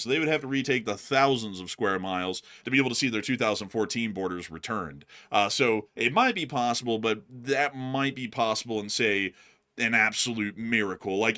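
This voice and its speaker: A man co-hosting a casual live stream, answering a viewer's question in a brisk, analytical way with many fillers. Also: lowish voice, pushed and bright. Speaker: co-host.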